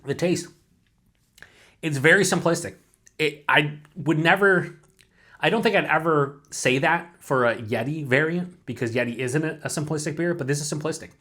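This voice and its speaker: A man's voice: on the high side, moderate pace, sharp tone. Male beer reviewer, solo vlog, loose and rambling, filler-heavy, casual swearing. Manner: talks to himself with self-mocking asides.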